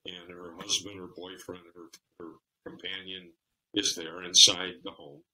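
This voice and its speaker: A man's voice: sits low, little pitch movement, unhurried, a crowd in the background, poor audio. A man on a podcast, telling stories about relationships and acting out the scenes. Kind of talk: casual conversation.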